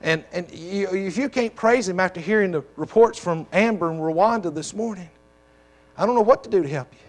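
Man pastor giving a sermon in church, kinda higher voice, hammers the same lines again and again. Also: fairly quick. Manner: emphatic, repetitive exhortation. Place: church sanctuary.

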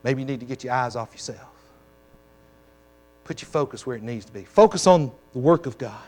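A man's voice: mid-range voice, animated, a little fast, darkish tone. A man preaching as pastor to his congregation, talking in emphatic, repetitive exhortations. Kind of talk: sermon. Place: church sanctuary.

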